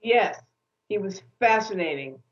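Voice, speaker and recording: A woman author speaking as an interview guest, lively and opinionated as she tells her stories. The sound is a little dull and muffled, as if it came through a lo-fi link. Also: mid-range voice, a little slow. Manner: animated, opinionated storyteller.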